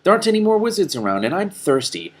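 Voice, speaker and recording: A man's voice: high voice, big pitch swings, fast talker, pitched above the performer's own voice. A man voicing a hungry, whiny talking male donkey that complains plaintively.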